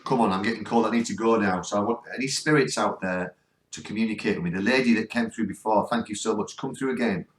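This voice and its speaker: A northern English man runs a spirit box session on a ghost hunt, pleading again and again for the spirits to answer. His voice sits fairly low. The sound is roomy and echoing. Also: quick pace. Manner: coaxing, earnest, keeps pleading for replies. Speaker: ghost hunting vlogger. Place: cold spot on a ghost hunt.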